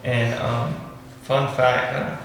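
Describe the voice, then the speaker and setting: A teenage football player talks loosely and relaxed. His voice is bright and sharp, mid-pitched. A long hall echo and faint noise sit around him. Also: slow pace, vocal fry. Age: teens. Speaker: high school football player. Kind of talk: casual interview answer. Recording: echoey hall.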